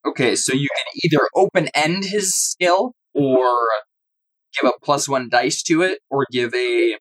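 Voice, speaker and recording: A man's voice: medium pitch, measured pace, fairly bright tone, low-quality recording. Stumbling casual male game master. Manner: stumbling, casual narration with restarts. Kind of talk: narrating a tabletop game.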